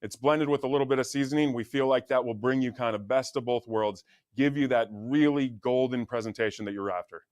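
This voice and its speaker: Easygoing chef on a dry mic. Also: male voice, mid-range voice, brisk, darkish tone, clean tone, no echo. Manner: easygoing, hesitant with fillers. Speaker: guest chef. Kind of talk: TV cooking segment.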